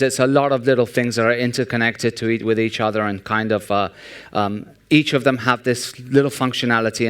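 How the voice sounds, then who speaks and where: A man on stage at a big conference hall, poking fun in a wry, joking tone. His voice is smooth and resonant at an ordinary middle pitch. He tells his anecdotes with an animated, storytelling lilt. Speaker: conference speaker. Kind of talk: humorous conference talk.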